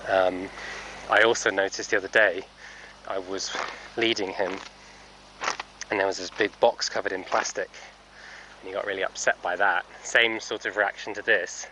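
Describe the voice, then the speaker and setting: Bright-voiced man rambling thoughtfully. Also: low-pitched, steady tone, moderate pace, pauses often, a little hiss or hum, poor audio. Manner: thoughtful, rambling, many fillers and self-corrections. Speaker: horse trainer. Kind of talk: casual vlog while working a horse.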